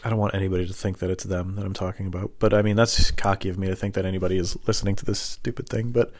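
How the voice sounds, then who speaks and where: Low-voiced man rambling through a story. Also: level tone, racing. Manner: loose, meandering, self-mocking, swears casually. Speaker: host.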